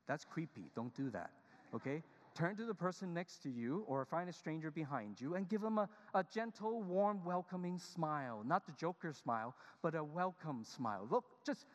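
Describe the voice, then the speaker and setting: A male pastor giving a humorous, animated sermon, speaking directly to his congregation. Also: on the high side, normal speed. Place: church sanctuary. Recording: long reverb of a large church hall.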